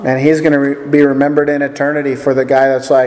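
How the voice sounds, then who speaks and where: A man's voice: medium pitch, little pitch movement, fast, few pauses, darkish tone, slight background noise. A man leading a casual Bible study, chatty and joking as he puts questions to the group. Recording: echoey hall with long reverb.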